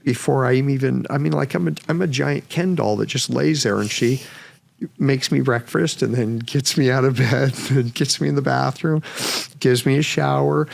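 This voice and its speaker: A man in his fifties tells a story as a podcast guest, frank and animated, swearing now and then. His voice sits at an average pitch with a strong gravelly grain running through it. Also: moderate pace. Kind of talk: casual storytelling.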